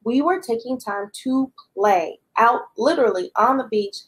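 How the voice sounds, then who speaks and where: A woman's voice: a little high, expressive, moderate pace, slightly rough, rough recording. Upbeat woman giving a motivational talk. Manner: upbeat, encouraging, repeats key phrases for emphasis; faith-based affirmations. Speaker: leadership coach.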